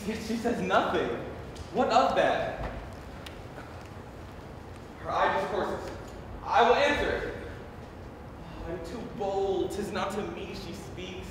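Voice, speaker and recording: A young man playing Romeo, ardent and dreamy, declaiming then dropping to hushed asides. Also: sits high, noisy background. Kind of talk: live stage acting. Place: school building during a performance. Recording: echoey hall, distant camera.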